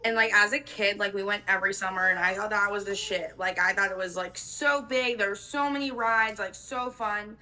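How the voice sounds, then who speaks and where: A woman in her twenties co-hosts a podcast, telling rambling, casual stories packed with "like" and offhand swearing. Her voice is medium-pitched and steady with a sharp edge, moving at a normal speed with hardly any pauses. The recording quality is low.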